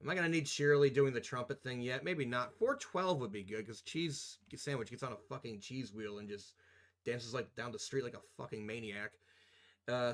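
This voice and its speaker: A young man with a medium-pitched voice edits video live on stream. He chats loosely with viewers, cursing, joking around, and laughing a lot.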